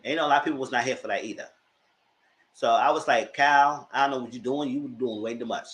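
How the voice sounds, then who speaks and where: A man giving a casual spoken recap of reality TV shows at home, colloquial and animated. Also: fast. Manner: animated, mocks people in high put-on voices; colloquial, with "y'all". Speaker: commentator.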